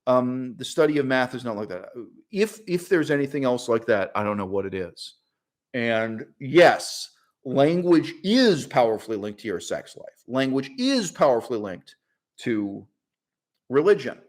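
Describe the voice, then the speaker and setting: Animated, opinionated middle-aged man. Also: medium pitch, a little slow. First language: English. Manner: animated and opinionated, frequent fillers and laughs. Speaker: channel host. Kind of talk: casual monologue to camera.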